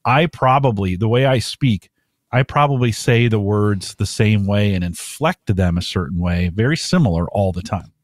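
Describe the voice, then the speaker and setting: A man's voice: fairly low pitch, moderate pace, dry recording, clean studio sound. A man co-hosting a casual podcast chat, thinking aloud and restarting his sentences as he muses. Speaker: podcast co-host.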